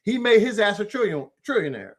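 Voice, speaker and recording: High-pitched american guy ranting on a stream, cussing a lot, heated, preachy. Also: very animated, fairly quick, a little hiss or hum. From United States. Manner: addresses an absent rival directly. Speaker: political commentary host. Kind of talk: livestream rant.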